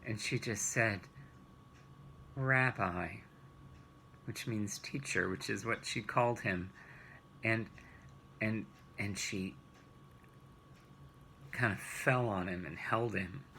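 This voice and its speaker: Male children's Bible teacher, gentle storyteller, gravelly and slow-paced. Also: on the low side, a little hiss or hum, rough recording.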